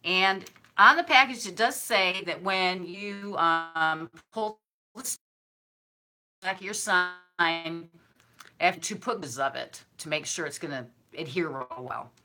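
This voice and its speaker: A chatty woman with a bright, forceful voice shows off gifts from her viewers. She gushes over every little thing in a warm, effusive, casual way. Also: lowish voice, slow pace. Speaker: craft and decor vlogger.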